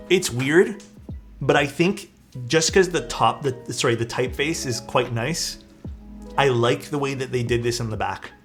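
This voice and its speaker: A man casually chatting as a live streamer while building a keyboard, rambling and relaxed, often saying "dude". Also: a little high. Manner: laid-back, rambling, peppered with "dude" and "like".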